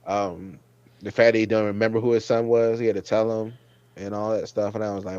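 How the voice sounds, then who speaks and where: Animated man chatting, dry dull sound. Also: fairly low pitch, brisk, smooth, dry recording. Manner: animated, acts out characters' lines in quoted asides; frequent fillers and restarts, exclaims loudly. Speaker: show host. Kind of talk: casual TV episode review chat.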